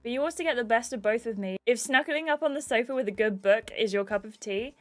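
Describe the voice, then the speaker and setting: A woman's voice: a little high, fast, close to an everyday voice. A woman reading aloud as an earnest, romantic young man, in a sincere tone.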